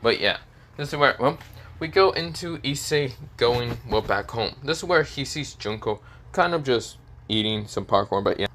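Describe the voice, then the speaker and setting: A man's voice: medium pitch, lively intonation, normal speed, fairly bright tone, a little hiss or hum. A man narrating a fan story casually, rambling with many fillers and restarts. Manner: rambling, filler-heavy, hesitant.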